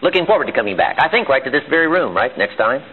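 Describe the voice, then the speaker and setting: A man's voice: medium pitch, big pitch swings, quick pace, slightly rough. A man giving a live motivational seminar in a meeting room. He is emphatic and fires off rhetorical questions. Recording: tinny lo-fi archival seminar tape.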